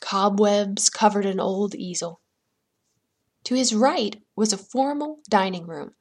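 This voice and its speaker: Woman telling a spooky folktale, slow and breathy, drops to whispers for effect. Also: mid-range voice. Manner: dramatic, dipping into whispers for suspense. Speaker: podcast host and storyteller. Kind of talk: storytelling a folktale.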